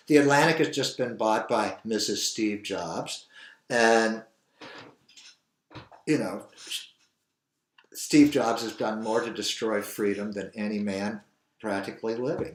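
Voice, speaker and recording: An older man hosting his own show, talking in a rambling, earnest, opinionated monologue. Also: medium pitch. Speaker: show host. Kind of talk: opinionated solo commentary. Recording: echoey room.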